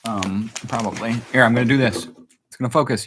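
A man's voice: medium pitch, fairly quick, a bit bright, a little hiss or hum, low-quality recording. A man hosting a casual live stream from home, chatty and self-mocking, laughing often. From United States. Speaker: channel host.

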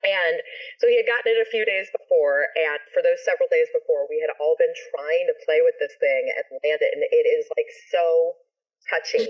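A deep-voiced, brisk woman tells a story as a guest on a video call, chatting casually. A ska musician and actor, she's animated, swears freely, and acts out what people said, and the audio is dull and lo-fi.

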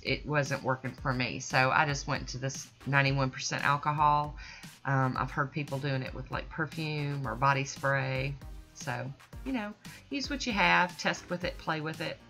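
A woman, chatty and folksy, narrating her nail art tutorial. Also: sits low. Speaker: nail art channel host. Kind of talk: casual tutorial voice-over. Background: soft background music.

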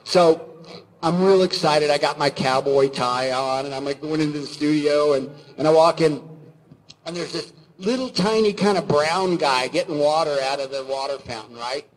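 A man on a convention panel who tells a story excitedly, acting out voices, with many fillers. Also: a little high, moderate pace, poor audio. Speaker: animator and panel guest.

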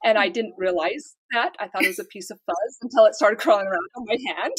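Casting: American woman author, mid-pitch, casual storytelling interview guest. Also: fast talker, breathy edge. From United States. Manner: chatty, storytelling with light laughs.

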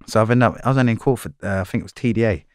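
Male, low and even delivery, candid storyteller, swears freely, dry close recording. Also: very fast, dry recording. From London. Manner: blunt, swearing, slangy, repeats himself. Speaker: interviewee.

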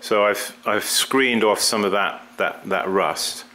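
A man's voice: fairly low pitch, pushed and bright, slight background noise. A middle-aged man talking casually through a pottery glazing demonstration, often stopping and repeating words as he works. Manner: halting, repeats words, talks while working.

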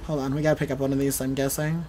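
A young adult gaming host giving playful, chatty let's play commentary. The host talks back to the game characters and breaks into excited shouts during fights. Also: mid-range voice, very fast, music in the background.

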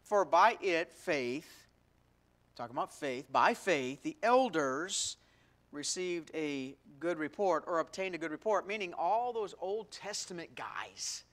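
A man's voice: fairly high pitch, lively intonation, takes it slowly. A man who is a pastor, leading a prayer and then preaching to his congregation, asking them questions and stressing key words. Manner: prays softly, then preaches with rising emphasis and questions to the congregation. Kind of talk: sermon. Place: church sanctuary.

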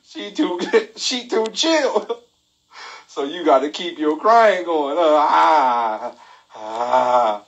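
Man host, comic storyteller, lively, somewhat high voice, phone-live feel. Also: slow pace, dull audio. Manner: animated, laughing, repetitive exclamations. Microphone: phone mic.

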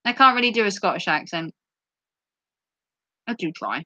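Woman from norfolk live streaming, chatty and playful, bright voice, kinda muffled dry sound. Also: mid-range voice, animated, fairly quick, no echo. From Norfolk, England. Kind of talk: casual live-stream chat.

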